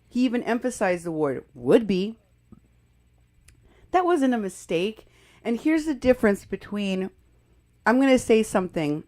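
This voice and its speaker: A woman's voice: mid-range voice, lively intonation, moderate pace, a little mellow. A woman hosting a live political commentary show, talking emphatically and indignantly, often restarting her sentences. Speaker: show host.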